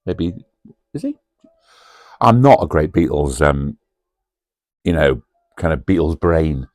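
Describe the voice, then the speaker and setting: A man with a low, mellow voice talks in a relaxed, rambling way. He fills his sentences with ums and asides to the viewer. It sounds like a cosy pub-style film chat, recorded dry and close. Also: a little slow, long pauses, no echo. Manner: rambling, chatty, many fillers and asides to viewers. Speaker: video host.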